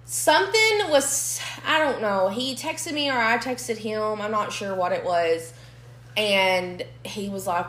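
A woman's voice: mid-range voice, a little slow, a bit bright. A young woman, telling a dating story bluntly in casual podcast chat and swearing freely. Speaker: podcast co-host. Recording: echoey room.

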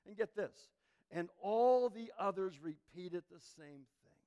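A male pastor preaching a sermon with passion, building to emphatic peaks and dropping to a near hush. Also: sits high, expressive, slow pace, muffled recording.

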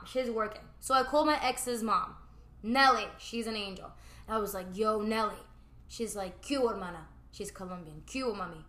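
Woman, juice bar owner, animated storyteller, slightly high voice, echoey recording. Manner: animated, slangy, lots of "like". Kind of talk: storytelling in casual podcast chat. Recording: roomy echo.

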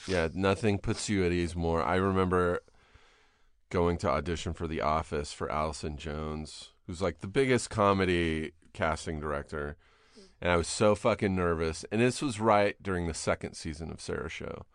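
A middle-aged podcast host with a deep, low voice tells stories in a loose, casual way, swearing often and slipping into lively impressions. The recording is dry and close, with no room sound. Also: male voice, moderate pace, dry recording. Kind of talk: casual chat.

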